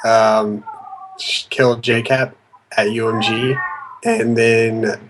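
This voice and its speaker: A man guesting on a casual gaming stream, eager and quick to agree. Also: medium pitch, flat delivery, noisy background.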